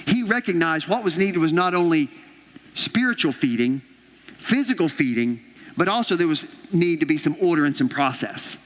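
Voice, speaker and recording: A man preaching a sermon, telling a Bible story in a lively way and acting out what the characters say. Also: fairly high pitch, normal speed, in a large hall. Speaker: pastor. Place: church auditorium.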